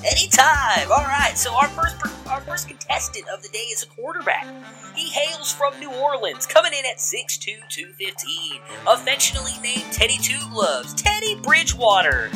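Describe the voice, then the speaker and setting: A man putting on a booming game show announcer. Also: big pitch swings, over music. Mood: hyped. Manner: booming, drawn-out announcer delivery. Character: loud, showy adult male game show announcer.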